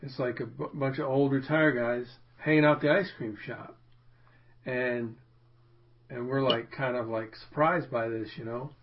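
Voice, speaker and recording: A man's voice: mid-range voice, fairly even intonation, measured pace, dull audio. A man casually telling a rambling anecdote on a talk show, often restarting his sentences. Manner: rambling, self-interrupting, puts on voices in anecdotes. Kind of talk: casual storytelling.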